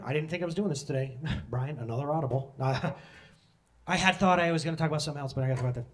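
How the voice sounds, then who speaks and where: A man in his thirties preaching a sermon, candid and joking, with sudden loud emotional bursts. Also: a little high, fast talker. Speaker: pastor.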